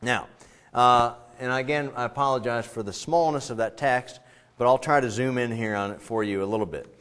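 A man's voice: medium pitch, normal speed, fairly bright tone. A male pastor preaching a sermon in a conversational way, full of rambling asides, little jokes and restarts.

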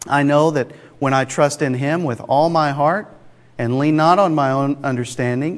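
A man preaching a sermon in a conversational, emphatic way, with rhetorical asides to the congregation. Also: on the high side. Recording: long hall reverb.

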